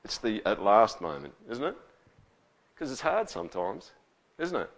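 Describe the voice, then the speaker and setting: A man's voice: fairly low pitch, big pitch swings, a little slow, vocal fry. A man preaching a sermon in a conversational way, often checking in with tags like "all right?". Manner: conversational, with frequent rhetorical tags. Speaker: pastor.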